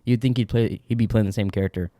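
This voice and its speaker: A man's voice: fairly low pitch, steady tone, quick pace, dark tone, dry recording, clean studio sound. A man co-hosting a podcast, rambling through a movie chat with laughs and swearing. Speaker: podcast co-host. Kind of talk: casual chat.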